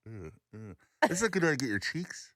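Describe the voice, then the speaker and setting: A man's voice: a little high, big pitch swings, rapid-fire, heavy background noise. A man co-hosting a morning show in playful, laughing banter. His speech is muffled at times by a mouth-stretcher prop. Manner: joking, laughing, self-mocking.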